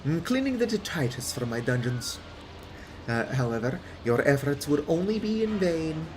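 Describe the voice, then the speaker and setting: A man's voice: a little high, big pitch swings, normal speed, noisy background. A man reading the lines of a scornful male villain lord in a haughty, taunting way. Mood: gloating. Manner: haughty, taunting delivery with "mm" and "uh" fillers. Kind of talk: reading game text aloud.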